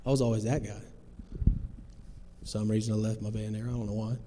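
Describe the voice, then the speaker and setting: A man in his thirties gives an earnest, plain-spoken personal testimony to a recovery group, with folksy phrasing. His voice is mellow, dark, and lowish, his delivery flat and fairly quick. Long hall reverb and faint noise mark the recording.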